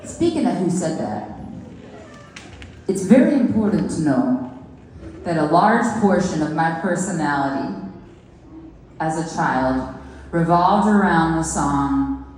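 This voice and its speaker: A woman's voice: sits low, lively intonation, slow, long pauses, a little mellow. A woman in her thirties telling playful stand-up stories, chatting straight to the crowd on a comedy club stage. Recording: echoey live room with long reverb.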